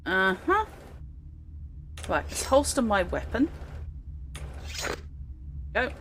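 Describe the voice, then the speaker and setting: A woman's voice: medium pitch, very animated, very slow, a bit bright, a little hiss or hum. A woman streaming a game and commenting casually, wry and chatty with her chat.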